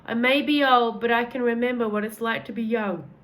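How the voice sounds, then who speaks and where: A woman voicing a kindly, gentlemanly old male tramp who talks in a polite, old-fashioned, fatherly way. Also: fairly high pitch, fairly even intonation, a little fast, close to an everyday voice. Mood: gentle.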